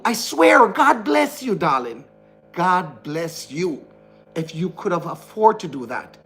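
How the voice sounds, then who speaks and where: A man's voice: on the high side, a bit bright. A man with a Jamaican accent, speaking to camera in a frustrated, ranting vlog, repeating himself as he talks indoors. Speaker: vlogger. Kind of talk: heated monologue to camera. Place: indoor room.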